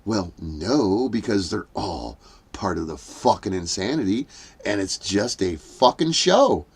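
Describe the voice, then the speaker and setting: A man's voice: fairly low pitch, lively intonation, a little slow, creaky, husky. A man hosting a commentary stream who rants with sarcasm and swearing and acts out scenes. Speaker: host. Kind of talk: profane drama commentary rant.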